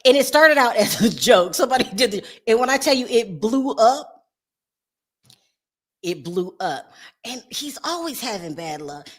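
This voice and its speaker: A woman hosting a casual gossip chat, animated and laughing often as she talks straight to her viewers. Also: medium pitch, slightly rough. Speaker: show host.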